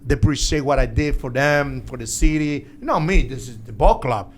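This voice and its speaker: A middle-aged man talking as a guest in a podcast studio, animated and laughing often, speaking English with loose, non-native grammar. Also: medium pitch, moderate pace, a little hiss or hum. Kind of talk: casual podcast chat.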